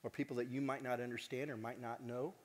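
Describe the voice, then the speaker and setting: A man giving a heartfelt conference talk as the organization's director, earnest and animated, joking with the audience now and then. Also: medium pitch, quick pace. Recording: long hall reverb.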